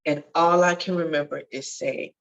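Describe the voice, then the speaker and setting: A woman's voice: low-pitched, fairly even intonation, moderate pace, muffled recording. A woman guest telling her life story in an earnest, testifying way that swells with feeling. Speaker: podcast guest, nurse. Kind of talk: emotional storytelling interview.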